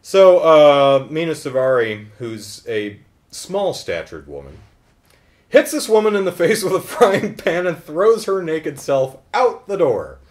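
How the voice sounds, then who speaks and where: Dude recapping a movie, dry jokey sarcasm, voice bouncing all over. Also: male voice, a little high, very animated, a little slow. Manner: sarcastic, joking retelling. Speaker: film reviewer. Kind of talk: casual film recap.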